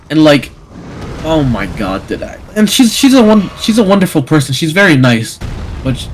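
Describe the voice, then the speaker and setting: A man's voice: a little high, very animated, takes it slowly, long pauses, slight background noise. A young man telling an emotional story in casual chat, rambling with many restarts and stammers.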